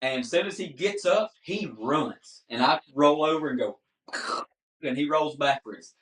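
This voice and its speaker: A man's voice: on the high side, measured pace. A man, a podcast guest telling a story in casual chat and acting out the dialogue. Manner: animated storyteller, acts out dialogue. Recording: roomy, mic at a distance.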